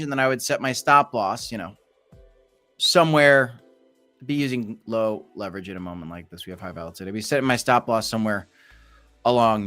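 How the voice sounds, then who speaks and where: This man's voice is mid-range and fairly bright as he streams casual crypto market commentary, hosting his channel live. He rambles, filling his talk with fillers and frequent restarts.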